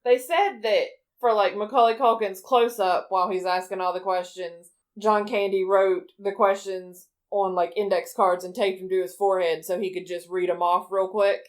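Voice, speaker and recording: A woman's voice: mid-range voice, fairly even intonation, normal speed, few pauses. Blunt, profane woman podcast co-host. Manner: blunt, profane, incredulous questioning. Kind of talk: casual movie discussion chat.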